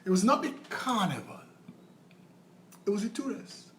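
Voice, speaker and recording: A man's voice: sits high, animated, a bit bright. Sardonic Trinidadian man giving a speech. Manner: sardonic, shifts between slow solemn lines and quick mockery. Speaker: political speaker. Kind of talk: satirical political speech.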